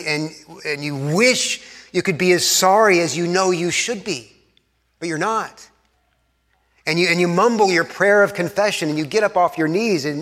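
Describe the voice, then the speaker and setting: Male pastor, earnest sermon, slightly high voice, long church reverb, hushed passages. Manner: earnest, drops to hushed tones for emphasis. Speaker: Anglican pastor.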